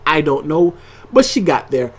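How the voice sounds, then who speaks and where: A TV show reviewer and channel host talks through an episode to camera in a loose, rambling way, with a mid-pitched, sing-song voice, a breathy edge and an ordinary pace. The review keeps circling back through asides and quick check-ins with the viewer, leaning heavily on "like" and tag questions.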